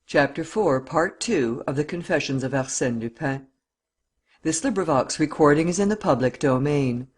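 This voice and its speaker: A man narrating a classic novel for a volunteer audiobook in a steady, even reading voice. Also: a little high, normal speed, slightly rough. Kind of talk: scripted narration.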